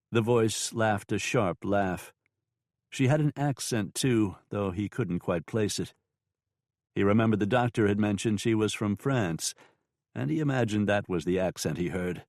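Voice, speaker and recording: A man narrating a western novel audiobook in a measured, even storytelling manner. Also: lowish voice, dry recording, studio quality.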